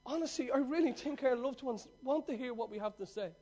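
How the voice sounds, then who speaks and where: A man preaching a sermon, swinging between loud, excited storytelling and hushed, earnest talk, with a conversational, slangy manner. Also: very high-pitched, a little fast.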